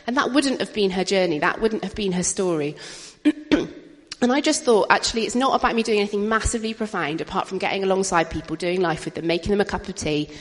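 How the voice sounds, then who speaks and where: A woman's voice: medium pitch, fast. Chatty woman in a reverberant hall. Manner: chatty and anecdotal, with frequent laughter. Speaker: speaker at a church gathering. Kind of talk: informal testimony talk.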